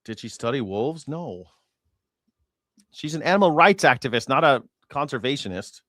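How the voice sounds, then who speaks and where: A man's voice: mid-range voice, animated, moderate pace, fairly bright tone, dry recording, clean studio sound. A man hosting a live news reaction show, talking casually in a rambling, profane way and correcting himself as he goes.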